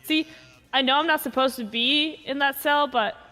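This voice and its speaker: A woman's voice: high voice, normal speed, pushed and bright, faint music behind. A woman playing a character freshly out of jail, gushing and bubbly toward the police. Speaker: roleplay character just released from jail. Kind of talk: casual roleplay chat. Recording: long reverb.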